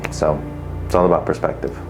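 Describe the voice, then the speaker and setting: A man's voice: rumbling low, fairly even intonation, fairly quick, over music. A man speaking unscripted to camera, sharing a personal testimony in a blunt, profane, tough-love way. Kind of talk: unscripted direct-to-camera talk.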